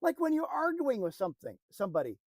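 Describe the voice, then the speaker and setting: A man giving an earnest motivational talk, repeating phrases and often dropping to a soft, hushed voice for emphasis. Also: extremely high pitch, huge pitch swings, fast talker, dry recording, poor audio. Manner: earnest, repetitive, drops to a soft hush for emphasis. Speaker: motivational speaker.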